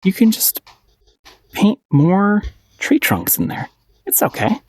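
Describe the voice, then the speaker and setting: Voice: mid-range voice, huge pitch swings, slow pace, breathy edge. A painting instructor giving a casual paint-along tutorial, playful and encouraging, often giggling and repeating short phrases.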